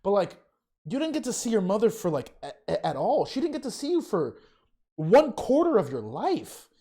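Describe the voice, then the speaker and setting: Emotional man with a lively, halting voice. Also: high-pitched. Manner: emotional, halting, many restarts and fillers. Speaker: reaction video host; teacher. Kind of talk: casual fan commentary.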